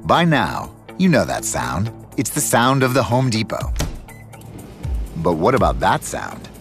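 A man reading an ad in a smooth, conversational way. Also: fairly low pitch, very animated, unhurried, soft background music. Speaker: ad announcer.

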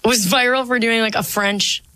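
Bright-voiced young woman, chatty and rambling. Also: a little high, fairly even intonation, normal speed, no echo. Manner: rambling, many "like" fillers. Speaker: singer-songwriter guest. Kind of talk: casual interview chat.

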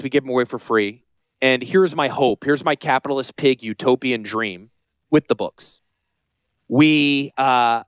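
Joking, rambling radio host, dry studio sound. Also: male voice, medium pitch, smooth, no echo. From Connecticut. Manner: joking, rambling, self-deprecating. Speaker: radio show host and financial advisor. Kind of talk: casual radio talk.

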